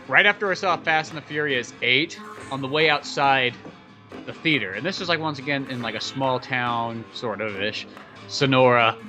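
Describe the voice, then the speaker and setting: Bright-voiced man telling a rambling story. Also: mid-range voice, normal speed, soft background music. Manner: rambling, lots of likes and swearing. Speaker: podcast co-host. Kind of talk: casual chat, storytelling.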